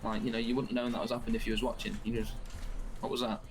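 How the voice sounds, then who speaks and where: A man's voice: mid-range voice, level tone, rapid-fire, a little hiss or hum. A man, a streamer guest telling rambling stories with swearing in a casual podcast chat. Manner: rambling anecdotal storytelling with frequent swearing.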